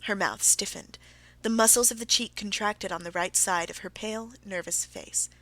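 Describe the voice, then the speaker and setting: A medium-pitched female narrator reads from a classic novel for an audiobook. She keeps the reading measured yet expressive.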